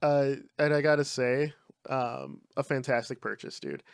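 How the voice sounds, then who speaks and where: Casual young man with a smooth, clear voice. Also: mid-range voice, a little slow, no room sound, studio quality. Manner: laid-back, swears freely, lots of fillers. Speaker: podcast co-host. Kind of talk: casual chat.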